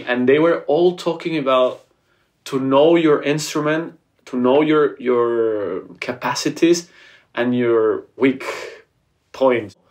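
A young man from Mexico, an emerging opera tenor, answering an interview question thoughtfully and searching for words. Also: medium pitch. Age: young adult.

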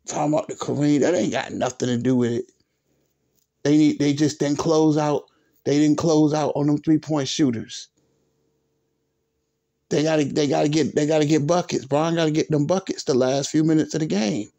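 Man, sports vlog rant, exasperated and repetitive, profane, dark mellow tone. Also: on the high side, fairly even intonation, normal speed, gravelly. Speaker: sports video host. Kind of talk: ranting sports commentary vlog.

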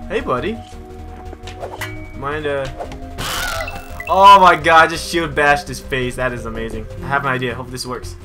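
A man commentating over his own video game playthrough, excitable and quick to yelp when something surprises him. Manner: excitable, yelps and jumps in pitch when surprised. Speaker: gaming channel host. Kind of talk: let's play commentary. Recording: music playing behind the voice.

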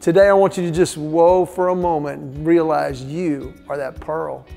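At normal speed and with vocal fry, a middle-aged man whose voice runs on the high side presents a short devotional. He voices the family story's dialogue with liveliness and turns soft and hushed when reflecting, with faint music behind him.

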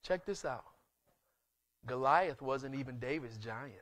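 A male pastor preaching a sermon, driving it with repeated rhetorical questions, call-and-response, and sudden shouts. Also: mid-range voice, lively intonation, a little slow.

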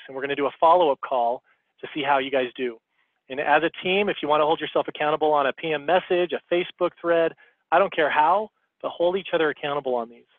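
A man's voice: a little high, no room sound. A man giving a motivational talk as a guest speaker on a team call, coaching his listeners and checking in with "okay?". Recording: tinny phone line.

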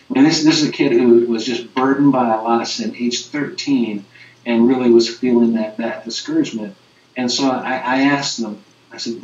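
A man's voice: mid-range voice, fairly even intonation, darkish tone. A man moderating a webinar who talks earnestly and often restarts his sentences while telling stories. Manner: earnest, halting with frequent restarts. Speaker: webinar moderator and youth minister. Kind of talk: conversational storytelling. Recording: distant, roomy, dull lo-fi webinar audio.

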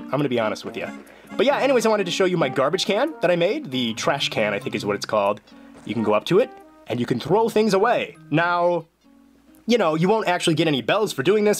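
Young male gaming host, playful and jokey, swooping lively delivery, light game music underneath. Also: a little high. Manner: playful, jokey, animated exclamations. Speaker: gaming video journal host. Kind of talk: casual gameplay commentary.

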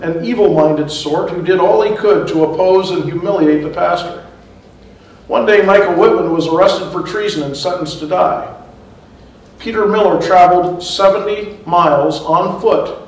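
A man's voice: high-pitched, normal speed. A man giving a conversational sermon as pastor, chuckling at his own asides. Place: church sanctuary. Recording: echoey church hall, mic far off.

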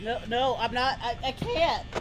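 A man voicing the adult male anime hero Goku in a high, strained cartoonish voice, yelling crude insults in panicked comedic gameplay commentary. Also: expressive, unhurried, heavy background noise. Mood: scared. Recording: loud game music behind.

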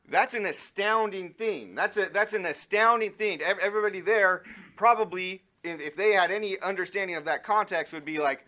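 Earnest guy teaching sunday school, kinda high voice, keeps restarting his sentences. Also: a little fast, sharp tone. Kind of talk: church teaching.

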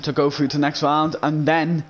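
A young man from England casually narrating his football video game, chatting and reacting excitedly to the play while sniffling. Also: fairly high pitch, normal speed. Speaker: gaming YouTuber. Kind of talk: casual gameplay commentary.

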